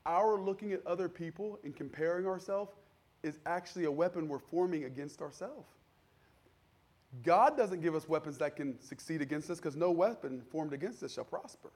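A man preaching a sermon in a conversational style, acting out the people in his stories and building to loud, fervent peaks. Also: on the high side, moderate pace. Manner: conversational preaching, acts out quoted voices, builds to shouting. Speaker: pastor.

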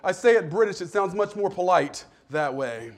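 Guy preaching a sermon, lots of jokes at his own expense, fairly high voice. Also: expressive, normal speed. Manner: humorous, self-deprecating storytelling. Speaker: pastor.

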